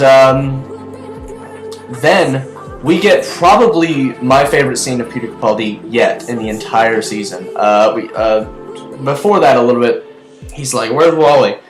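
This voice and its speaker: A young man giving a casual, rambling TV episode review, chatty and excitable, full of fillers and restarts. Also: medium pitch, a little slow. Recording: echoey room with faint music.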